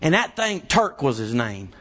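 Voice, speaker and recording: A man preaching a sermon, building from calm scripture reading to shouted climaxes. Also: mid-range voice, measured pace. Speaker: pastor.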